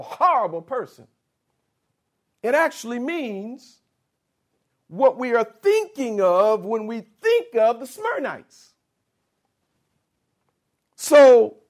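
High, lively-voiced male preacher. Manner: spells out Greek words slowly and earnestly; addresses listeners directly and insistently. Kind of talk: sermon.

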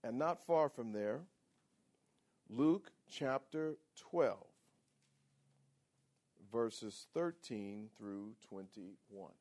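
A man preaching a sermon as pastor, animated and calling on the congregation for responses. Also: mid-range voice, extremely slow, pauses often. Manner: animated, calls for audience responses.

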